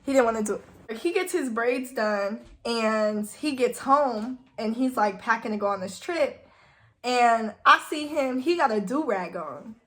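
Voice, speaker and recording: Young female vlogger; casual, chatty delivery, on the higher side. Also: expressive, measured pace. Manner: chatty, heavy use of "like". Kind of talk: casual storytime.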